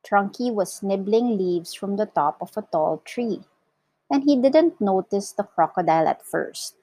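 Slow, lively woman reading a children's story. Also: mid-range voice, no room sound. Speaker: teacher reading aloud. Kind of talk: children's story read-aloud.

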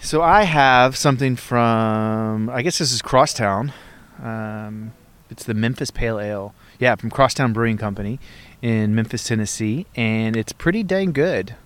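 A man in church work chatting by a cold outdoor campfire, easygoing and thoughtful, a bit halting. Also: mid-range voice, fairly bright tone, clean tone. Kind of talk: casual chat.

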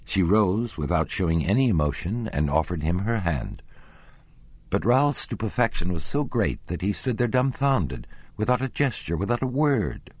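A man narrating a classic novel as an audiobook, measured and expressive. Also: low voice, breathy edge, no echo. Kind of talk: scripted narration.

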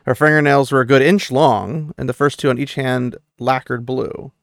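A man's voice: medium pitch, fairly even intonation, moderate pace, vocal fry, dry recording, studio quality. A man casually recapping and commenting on a fantasy novel chapter, rambling with many fillers. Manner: rambling, many fillers, light quoting of characters. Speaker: book discussion host.

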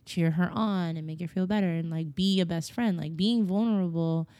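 A woman's voice: on the low side, normal speed, warm tone, no echo. A young woman co-hosting a podcast in casual chat, laughing often and swearing casually. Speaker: podcast co-host.

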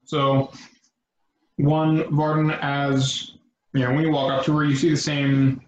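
A man running a tabletop game as game master, narrating in a relaxed way with frequent pauses and ums. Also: mid-range voice, a little hiss or hum. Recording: echoey, dull lo-fi room.

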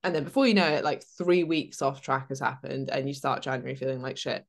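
A woman with a notably low voice, co-hosting a podcast as a fitness coach. She chats casually and gives practical, down-to-earth advice in a relaxed, conversational way. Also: quick pace, vocal fry.

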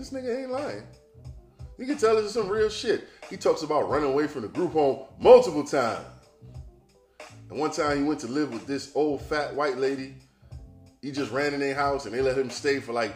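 Profane, animated man holding forth. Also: medium pitch, echoey room. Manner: loose, profane and animated, addressing listeners directly. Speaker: podcast host. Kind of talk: casual monologue.

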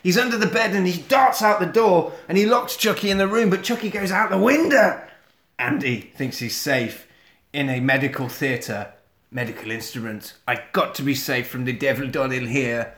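A man's voice: a little high, normal speed, a bit bright. A man casually recapping a horror film on a podcast, swearing a lot and acting out the scenes. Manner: sweary, acts out scenes in silly voices. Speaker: podcast host. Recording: echoey room.

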